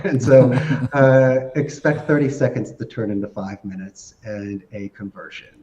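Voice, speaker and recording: A man's voice: mid-range voice, a little slow, hardly any pauses, mellow, a little hiss or hum. Chatty man with a dull, roomy sound. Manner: chatty, laughs often, playful wordplay. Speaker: podcast guest. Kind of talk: casual interview talk.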